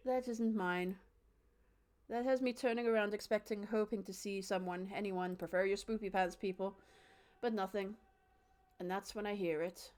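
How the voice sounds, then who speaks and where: A woman's voice: mid-range voice, normal speed. A young woman streaming a game, reading its narration dramatically and chatting with her cat and viewers. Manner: chatty and animated, reads narration with dramatic flair, talks to her cat and chat. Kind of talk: live let's-play with dramatic reading of game text.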